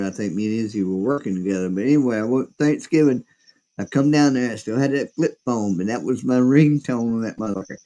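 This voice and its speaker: A man, hosting a casual chat and telling a rambling, profane story, acting out quotes loudly. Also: mid-range voice, low-quality recording. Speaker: podcast host.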